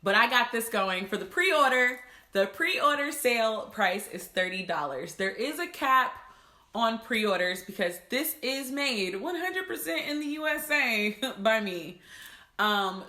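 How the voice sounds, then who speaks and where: A woman from the United States chats casually to her viewers, her voice bright and forward. She sounds emotional and proud. The room around her is echoey. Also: fairly high pitch, expressive, a little slow. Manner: emotional, laughing, fighting tears. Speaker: planner maker and content creator. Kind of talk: casual vlog talk to viewers.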